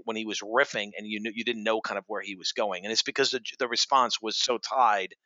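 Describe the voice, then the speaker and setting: Bright-voiced chatty podcast host, man. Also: on the low side, steady tone, a little fast, no room sound, highs cut off. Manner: chatty, anecdotal storyteller. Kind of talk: casual conversational interview.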